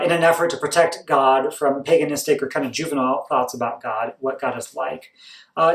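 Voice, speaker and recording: A man preaching a sermon as pastor, explaining ideas in a conversational teaching tone. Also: on the high side. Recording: roomy, from a distance to the mic.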